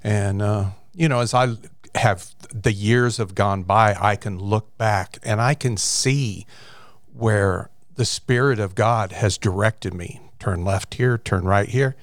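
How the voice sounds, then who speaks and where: A man who is a pastor and podcast guest in a studio, telling relaxed, folksy stories. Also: fairly low pitch, slow pace, no room sound. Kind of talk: casual storytelling chat.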